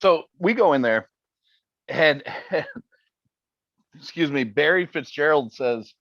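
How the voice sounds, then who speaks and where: A man who is a guest on a podcast, telling wry stories in a casual, animated way. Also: fairly high pitch, takes it slowly, pauses often, dry recording, muffled recording. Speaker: interview guest, TV paranormal investigator. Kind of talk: casual interview chat.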